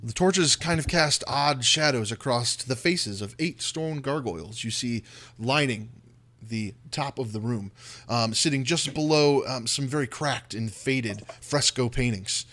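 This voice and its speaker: A man running a tabletop role-playing game as dungeon master, setting scenes with slow, descriptive narration. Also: medium pitch, a bit bright.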